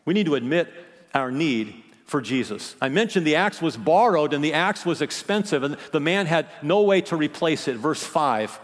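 A high-voiced male pastor preaching with wide swings in pitch and volume, pushing hard on key phrases and then dropping almost to a hush. His voice rings out through a big hall with a long reverb trailing behind it. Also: lively intonation, normal speed. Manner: impassioned preaching, rising and dropping to near-whispers. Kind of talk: sermon.

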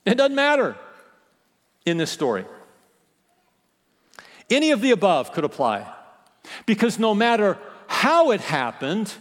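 A high-voiced male pastor preaching with wide swings in pitch and volume, pushing hard on key phrases and then dropping almost to a hush. His voice rings out through a big hall with a long reverb trailing behind it. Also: wildly swooping pitch, measured pace, pauses often. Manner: impassioned preaching, rising and dropping to near-whispers. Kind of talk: sermon.

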